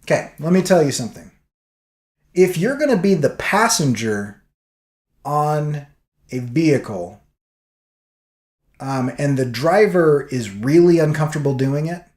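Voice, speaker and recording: A man's voice: fairly high pitch, echoey room. A man vlogging, telling a story casually and acting out what people said. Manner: animated storyteller acting out quotes.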